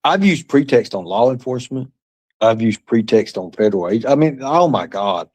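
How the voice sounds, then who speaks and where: Male livestream host, mid-pitched voice, rambling and mocking, profane, muttered asides to chat. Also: animated, normal speed, darkish tone. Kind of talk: rambling live-stream chat reading comments.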